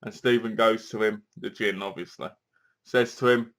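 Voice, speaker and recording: A man giving a casual, animated movie review, acting out lines from the film as he goes. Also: on the low side, moderate pace, creaky.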